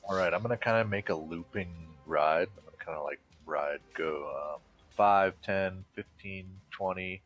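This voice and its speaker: A man with a very deep voice plays in a tabletop game. He plans his move out loud in a hesitant way, with plenty of ums. Faint music plays behind him. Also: moderate pace. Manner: hesitant, thinks aloud with many ums. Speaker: player. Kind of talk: casual tabletop play.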